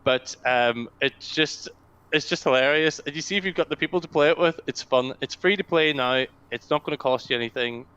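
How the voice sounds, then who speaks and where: Enthusiastic man, smooth slightly muffled voice. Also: a little high, fairly quick. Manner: enthusiastic, animated storytelling. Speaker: podcast co-host. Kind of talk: casual podcast chat. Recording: slightly dull lo-fi audio.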